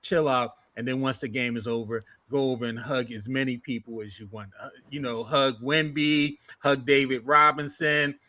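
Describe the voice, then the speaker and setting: A man co-hosting a casual sports talk show, animated and jokey, loose with slang. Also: mid-range voice, moderate pace, few pauses, no room sound.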